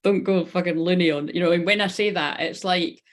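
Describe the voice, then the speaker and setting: A woman's voice: on the low side, a little fast. A woman in her thirties giving a live-streamed card reading, rambling, swearing casually and talking straight to her viewers. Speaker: spiritual reader.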